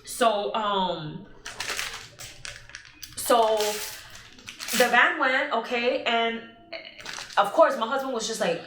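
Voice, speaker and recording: A woman's voice: fairly high pitch, animated, slow pace, pauses often, fairly bright tone, a little hiss or hum. A young woman vlogger telling an emotional story in a casual, rambling way, with many fillers. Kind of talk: casual storytelling while eating. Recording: echoey room.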